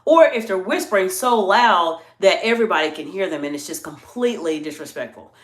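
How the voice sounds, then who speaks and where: Woman coaching with a polite, animated tone. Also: on the low side, fairly quick. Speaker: executive communication coach. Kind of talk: live-streamed coaching talk. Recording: roomy echo.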